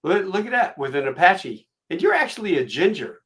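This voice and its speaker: A man hosting a casual interview podcast, chatty and enthusiastic, quick to laugh and banter. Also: sits high, sing-song, a bit bright. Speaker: podcast host. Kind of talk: casual chat.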